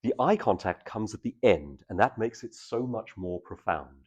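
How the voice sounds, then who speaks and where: A man's voice: on the low side, lively intonation, moderate pace, a little mellow, husky. A man, a public speaking trainer, giving a live workshop talk to an audience and shifting between intense and casual delivery.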